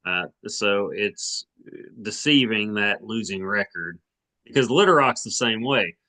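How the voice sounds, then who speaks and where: Low, bright-toned rambling man. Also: expressive, unhurried. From Arkansas. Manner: rambling, many restarts and hedges. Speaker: sports podcast co-host. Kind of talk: casual sports chat.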